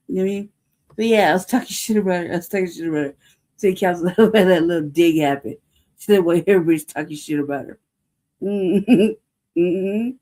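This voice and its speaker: Profane, heated woman with a dark voice. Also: medium pitch. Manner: rhetorical questions, repeats herself. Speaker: news show host. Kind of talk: casual livestream commentary.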